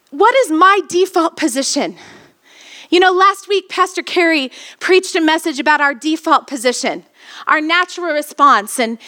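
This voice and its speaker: A woman's voice: extremely high pitch, pushed and bright. A woman pastor preaching a sermon, retelling a scripture story and asking the congregation rhetorical questions.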